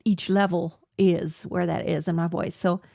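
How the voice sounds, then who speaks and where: A woman teaching a singing lesson, who explains calmly and then demonstrates scales on single syllables. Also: fairly low pitch, unhurried, gravelly, no echo, clean studio sound. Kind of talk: vocal lesson with sung demonstrations.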